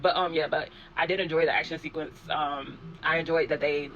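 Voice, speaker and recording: A man giving a casual spoken review of a show, rambling in a relaxed, slangy way and filling pauses with "um" and "like". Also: fairly high pitch, lo-fi sound, a little hiss or hum. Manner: rambling, filler-heavy, with frequent "um" and "like"; slangy and laid-back.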